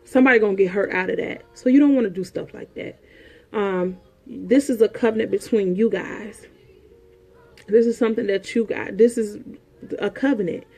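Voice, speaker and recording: A woman's voice: mid-range voice, normal speed, mellow, breathy edge. A woman counselor giving frank relationship advice in an emphatic, preachy way, repeating her points. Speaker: sexologist and counselor host.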